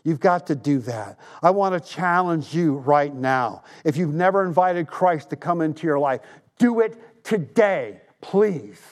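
Man, 60s, pastor, sermon, emphatic storytelling, earnest appeals, slightly high pitch. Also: moderate pace, few pauses.

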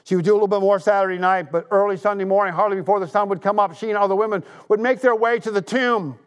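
A man's voice: high-pitched, steady tone, quick pace, smooth. A man in his sixties preaching a sermon, retelling a story with emphasis and making earnest appeals. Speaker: pastor.

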